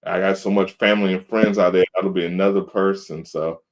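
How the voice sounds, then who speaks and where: A man's voice: low-pitched, steady tone, fairly quick. A man in his thirties, co-hosting a podcast in casual chat, telling laid-back stories and acting out quotes. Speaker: podcast co-host. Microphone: video call.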